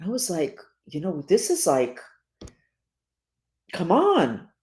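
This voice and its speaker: With earnest urgency, a female spiritual teacher speaks at length to her listeners, repeating herself and slowing down on the words that matter most. Her pitch is fairly low, it swings hugely, and her tone is darkish.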